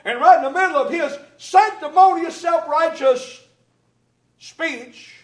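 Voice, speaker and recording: A man preaching a sermon to his congregation, building to shouts and then dropping to quick asides. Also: very high voice, lively intonation. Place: church hall. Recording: echoey hall, mic at a distance.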